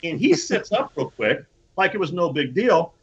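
A husky, slightly higher-pitched man spins a casual story, acting out what each person said and swearing freely. The recording sounds dull and lo-fi. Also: normal speed. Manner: animated storytelling with profanity and acted-out quotes. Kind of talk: casual anecdote.

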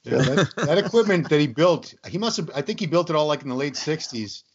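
An easygoing man recounts a memory with self-deprecating humor, his voice sitting a little high for a man. The audio is dull and lo-fi. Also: expressive, fairly quick, slightly rough. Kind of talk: casual storytelling chat.

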